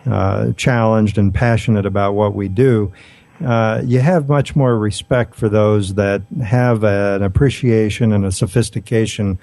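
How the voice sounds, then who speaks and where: A man's voice: on the low side, warm tone, no room sound. A male co-host who builds up long, thoughtful questions for his guest. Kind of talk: interview questions.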